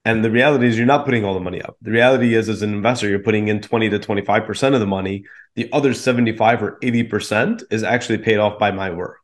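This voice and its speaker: A man's voice: lowish voice, racing. A man, a real estate investor guest on a podcast, explaining his approach confidently with casual fillers. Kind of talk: podcast interview.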